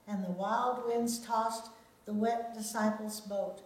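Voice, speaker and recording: Slow-spoken woman telling a Bible story to kids. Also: a little high, expressive, far from the mic. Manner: gentle, asks the children questions. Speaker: children's sermon leader. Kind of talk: children's Bible story reading. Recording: very echoey room.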